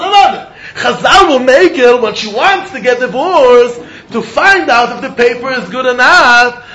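A man teaching a Talmud lesson, animated, often repeating words as he thinks and breaking into laughs. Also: very high voice. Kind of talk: Talmud study lecture. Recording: roomy, muffled recording with faint background noise.

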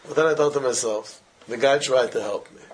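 A man teaching an informal religious class, telling animated everyday stories in simple, broken English with Hebrew and Yiddish terms mixed in. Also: medium pitch, brisk, a little hiss or hum. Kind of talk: informal Torah talk with stories.

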